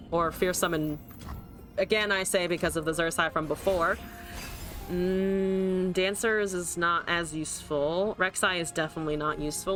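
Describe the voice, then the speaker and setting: A young adult woman giving live commentary on her card game, swearing, laughing and answering chat as she plays. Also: lowish voice. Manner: animated, swears and laughs, reads chat aloud. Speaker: streamer. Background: faint music.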